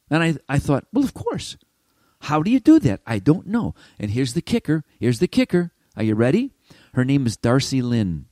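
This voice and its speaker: Older man, lively swooping delivery, self-interrupting storyteller, dry close mic. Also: medium pitch, dry recording. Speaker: podcast host. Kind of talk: rambling monologue.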